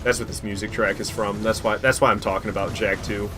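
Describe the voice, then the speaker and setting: A man's voice: on the low side, fast. A man streaming a game, talking casually and swearing a lot as he rambles and reacts. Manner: profane, excitable, rambling. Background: faint game music.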